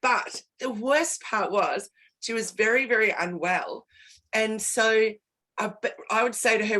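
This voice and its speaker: A woman's voice: fairly high pitch, measured pace, sharp tone. A woman consultant talking candidly in a casual conversation, stressing points by repeating words. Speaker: guest and business consultant.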